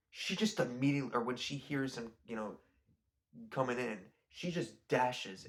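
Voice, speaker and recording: A man's voice: medium pitch, a bit bright. A young man rambling casually about a film he just watched, often restarting his sentences. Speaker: video creator. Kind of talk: casual rambling movie review.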